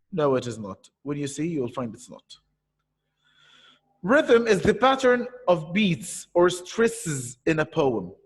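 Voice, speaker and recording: A man teaching an online poetry lesson, patiently explaining and repeating key points. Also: fairly high pitch. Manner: patient, explains slowly with repetition. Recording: echoey room with long reverb.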